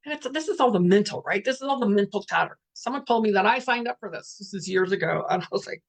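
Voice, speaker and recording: A woman's voice: mid-range voice, lively intonation, fast, gravelly, hardly any pauses. A middle-aged woman leading a reflective spiritual talk, speaking candidly and earnestly, sometimes swearing. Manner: candid, earnest, swears, reads out participants' messages. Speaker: workshop facilitator.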